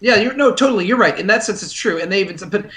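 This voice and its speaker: A man co-hosting a podcast, talking casually and quickly about a movie, often restarting his sentences. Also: high-pitched, expressive, sharp tone. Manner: quick, chatty, self-interrupting. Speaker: podcast co-host. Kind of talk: casual chat about a film.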